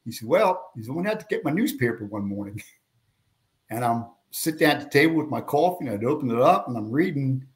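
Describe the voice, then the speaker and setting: An older man from Pennsylvania, a guest telling lively anecdotes in an interview and raising his voice for quoted people. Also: mid-range voice, quick pace. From Pennsylvania, USA. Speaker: guest, veteran and retired police officer. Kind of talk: storytelling in a podcast interview.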